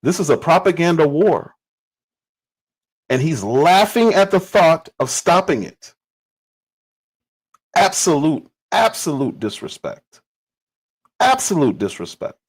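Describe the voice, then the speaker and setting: Man, livestream commentator, casual political talk, emphatic, lively up-and-down pitch. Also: slow, pauses often, slightly rough, low-quality recording. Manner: emphatic, repeats phrases for stress.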